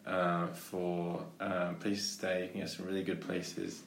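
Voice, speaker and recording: A man with a very low, deep voice talks casually, telling a rambling travel story with lots of restarts. The room is echoey, with a faint hum of ambience behind him. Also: completely flat delivery, unhurried, gravelly. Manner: rambling with many restarts and fillers. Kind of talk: casual chat and anecdote.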